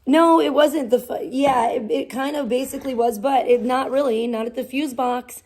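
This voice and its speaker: Swearing heavily, this young woman rambles in animated, casual chat while livestreaming from her home garage. Her voice is high-pitched and her speed normal.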